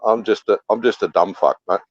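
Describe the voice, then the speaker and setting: A man's voice: fairly low pitch, fairly quick. A man hosting a livestream, asking blunt questions in casual chat. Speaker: livestream host. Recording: dull lo-fi audio.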